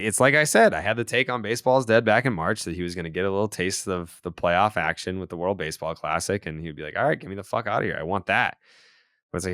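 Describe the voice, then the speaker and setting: A man's voice: on the low side, fairly bright tone, no room sound, clean studio sound. A man co-hosting a podcast, trading wisecracking, profane banter about sports. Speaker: podcast co-host. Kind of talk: casual sports chat.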